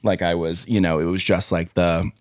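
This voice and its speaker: A young man tells stories in a playful, animated way. He co-hosts a relaxed podcast chat, recorded dry and close to the mic. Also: low voice, normal speed, no echo. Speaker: co-host.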